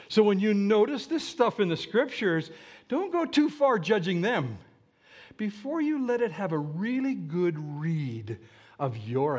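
A middle-aged man preaching, his voice pitched high and swinging widely from line to line. He throws rhetorical questions at the congregation and leans into emphatic, animated phrasing. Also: slightly rough. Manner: animated, rhetorical questions, mock-whiny quoting. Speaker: pastor. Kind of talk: sermon.

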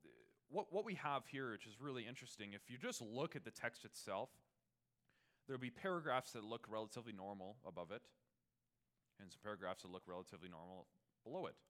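A man preaching a Christmas sermon, moving from quiet, conversational reflection to loud, ringing proclamation. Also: medium pitch. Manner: swings from hushed reflection to loud, soaring proclamation; conversational asides, fillers and restarts.

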